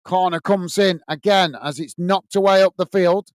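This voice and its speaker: A British man with a high voice hosts a live football watch-along at a moderate pace, with no room sound. Upbeat and cheerful, he calls the play and reads out viewers' messages.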